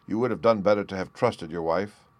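Brief: man reading a measured, shrewd detective, lowish voice, close and dry. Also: no echo, natural voice. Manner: measured, composed, precise. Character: calm shrewd Victorian detective, adult man.

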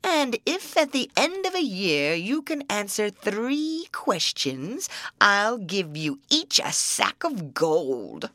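A slow, booming old troll, gruff and scheming, voiced in a close, dry storybook reading by a woman. He rolls his words out heavily and with menace, his voice lower and louder than the narration around him. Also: sing-song, dry recording. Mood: menacing.

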